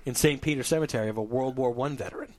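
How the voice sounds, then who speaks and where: A man co-hosting a podcast, telling a story in a casual, profane, animated way and laughing often. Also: medium pitch, racing. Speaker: podcast co-host.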